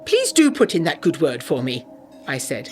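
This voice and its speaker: A woman narrating a letter as a proper young lady scholar in a brisk, slightly anxious way. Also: deep voice, huge pitch swings, a little mellow, faint music behind.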